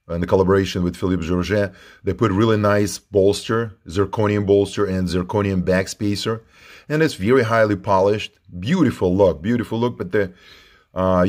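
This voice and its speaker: Low-voiced man reviewing knives. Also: darkish tone. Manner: informal, repeats himself while handling the knife. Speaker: knife reviewer. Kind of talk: casual product review.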